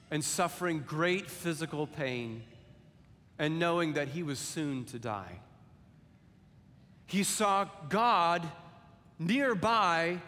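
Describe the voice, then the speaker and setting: A man preaching a sermon and reading scripture, deliberate and measured, lifting his voice for quoted lines and sinking soft on solemn ones. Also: a little high. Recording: long hall reverb, faint ambience.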